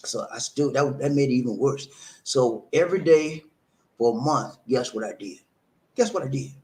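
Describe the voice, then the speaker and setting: A man's voice: medium pitch, normal speed, darkish tone. A middle-aged man, telling viewers a personal story in an emphatic way, often tagging on "man" and laughing at himself. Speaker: vlog host.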